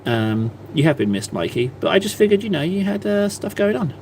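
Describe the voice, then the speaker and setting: A man's voice: sits high, very animated, brisk, darkish tone, slight background noise. A man chatting casually on a live stream, self-mocking and rambling as he paints. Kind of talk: casual livestream chat while painting.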